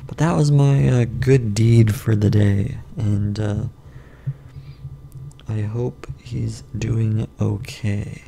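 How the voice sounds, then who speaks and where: A man casually rambling through a food review and a story from his day, unhurried and often correcting himself. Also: fairly low pitch, fairly even intonation, gravelly, warm tone, a little hiss or hum. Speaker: vlogger.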